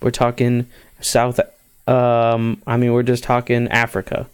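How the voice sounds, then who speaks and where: A man's voice: mid-range voice, completely flat delivery, unhurried, a little hiss or hum. A man chatting casually on a stream, joking and rambling with many fillers. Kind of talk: casual chat.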